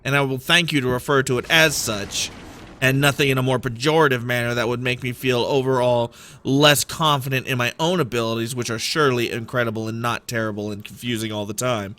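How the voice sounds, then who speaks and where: A man streams a game with casual commentary that rambles, stays playful, and pokes fun at himself. His voice is mid-range with a fairly bright tone.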